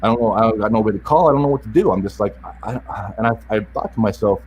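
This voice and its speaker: A man with a somewhat low voice tells a hard personal story as a podcast guest. He speaks earnestly and with open emotion. He keeps stumbling and restarting mid-sentence. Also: darkish tone, a little hiss or hum. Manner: earnest, halting, with frequent restarts and repeated words; openly emotional. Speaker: podcast guest, self-help author. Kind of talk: personal story told in an interview.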